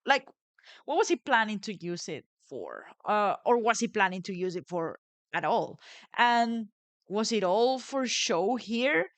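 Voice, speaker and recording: A woman plays through a story game, reading its text aloud and chatting about what might happen next. She muses and wonders aloud at a middling pitch. The recording is dry and close to the mic. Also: lively intonation, unhurried, no echo. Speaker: let's play streamer.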